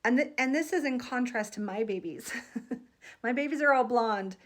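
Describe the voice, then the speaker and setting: A woman's voice: on the high side, normal speed. A woman in her thirties, a psychic, telling a vivid dream to her viewers in an earnest, emotional vlog monologue. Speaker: psychic vlogger.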